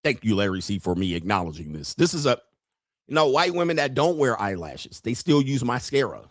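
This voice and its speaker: Brash, animated male streamer, dry sound. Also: mid-range voice, fairly quick, dry recording. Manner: brash, profane and rambling, with frequent laughter; talks straight to viewers. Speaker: live-stream host. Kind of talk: casual live-stream commentary.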